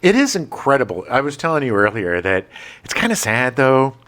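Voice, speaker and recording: Male co-host, mid-pitch, lively delivery, casual movie talk with the odd swear. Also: brisk. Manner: animated, swearing, jokey. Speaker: podcast co-host.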